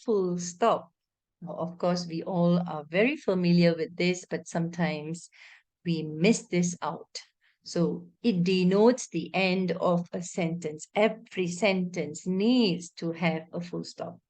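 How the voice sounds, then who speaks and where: A woman's voice: fairly low pitch, slow pace. A woman with a Malaysian English accent teaching an online English lesson, explaining patiently and often checking in with her students. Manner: reads example passages aloud with expressive intonation.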